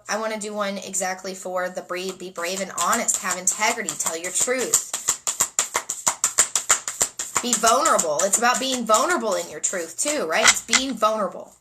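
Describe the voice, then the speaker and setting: A woman's voice: medium pitch, very noisy. A woman giving a spontaneous spiritual card reading, dreamy and emotional, often repeating phrases. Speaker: oracle card reader and energy healer.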